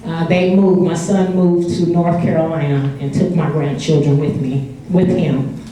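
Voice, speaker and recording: An older woman from California tells a family story to a live audience, chatty and laughing as she acts out the quotes. Her voice is low and mellow. She is heard from a distance in an echoing hall with a faint hiss. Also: fairly even intonation, a little slow. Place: indoor event hall with audience. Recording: echoey hall, far from mic.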